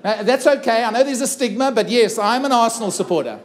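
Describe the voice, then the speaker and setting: A middle-aged man from South Africa tells a personal story from a festival stage. His voice sits fairly high, and he delivers it earnestly, acting out the dialogue. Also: expressive, fast talker. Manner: earnest, dramatic retelling with acted-out dialogue. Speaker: keynote speaker. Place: festival stage before a live audience.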